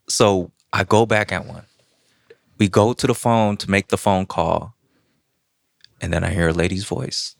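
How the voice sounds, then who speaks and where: A young man in his twenties telling his own story with lively, self-mocking humor and casual slang. His voice sits very low, and the recording is dry and close. He talks inside a prison. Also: normal speed, gravelly, dry recording. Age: 20s. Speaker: storyteller guest. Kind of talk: conversational personal storytelling.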